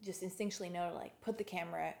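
A woman's voice: lowish voice, fairly even intonation, rapid-fire, vocal fry, a little mellow, roomy sound. A woman with a slight lisp telling a long personal story as a guest, chatty and full of "like" fillers. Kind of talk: casual interview storytelling.

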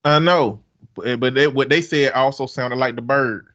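A man with an Alabama Southern accent chats casually and expressively, swearing and laughing often in an animated way. His mid-range voice moves at a normal speed, and the sound is lo-fi.

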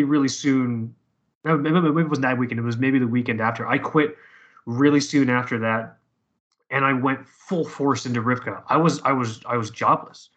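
A man's voice: mid-range voice, a bit bright, highs cut off. A man telling a personal story in casual conversation, profane and rambling with many restarts.

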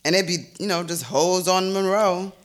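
A man's voice: high voice, steady tone, moderate pace. A man co-hosting a podcast in casual chat, tipsy from vodka, reminiscing loosely and laughing between remarks. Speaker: podcast co-host.

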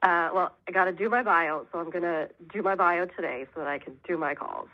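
A woman with a deep, low voice calling in over a muffled, lo-fi line. She sounds hesitant and agreeable, with short answers and restarts. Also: brisk. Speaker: caller, coach in training. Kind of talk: phone call-in conversation. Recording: dull lo-fi phone line.

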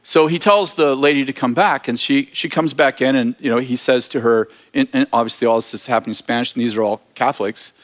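A man telling a lively story in a sermon, laughing as he talks. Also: mid-range voice, a little fast, hardly any pauses.

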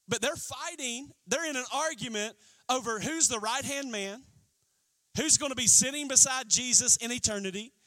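A man pastor preaching a sermon, acting out quotes in an animated way. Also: very high voice, no room sound. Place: church.

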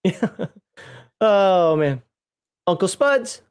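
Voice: medium pitch, sing-song, extremely slow, darkish tone, smooth. A chuckling co-host reading from a rulebook. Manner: laughs often, reads entries aloud with playful asides. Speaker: co-host reviewing a game book. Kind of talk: casual chat, reading aloud from a rulebook.

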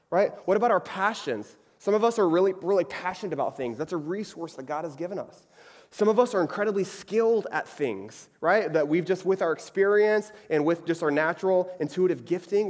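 A man's voice: high-pitched, fairly quick. A young adult man giving a conversational sermon, chatty and often checking in with the audience. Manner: chatty, frequently asks "right?". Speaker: preacher. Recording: long reverb of a hall.

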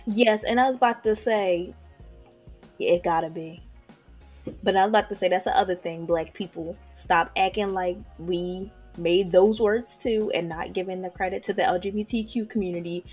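A woman's voice: lowish voice, fairly even intonation, moderate pace, darkish tone, husky, soft background music. A woman co-hosting a casual chat podcast, emphatic and blunt. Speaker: podcast co-host.

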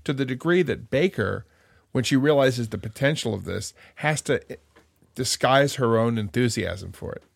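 A man co-hosting a casual podcast discussion, speaking thoughtfully with some halting repeats. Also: mid-range voice, lively intonation, creaky, no echo.

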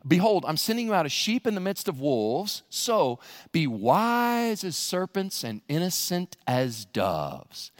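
A pastor preaches in a high, lively voice that swings widely in pitch. He is jokey and animated and often breaks into loud shouts. A long church reverb trails each phrase. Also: measured pace. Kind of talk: sermon. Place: church sanctuary.

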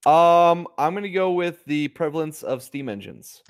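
A man's voice: a little high, lively intonation, normal speed, clean tone, no echo, studio quality. A man co-hosting a casual chat over a video call, rambling through fillers and restarts. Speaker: podcast co-host.

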